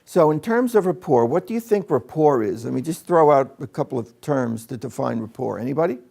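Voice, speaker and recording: A man's voice: medium pitch, expressive, fairly quick, creaky, warm tone. A man training teachers in a live workshop, chatting with his audience and demonstrating with a volunteer in a training room.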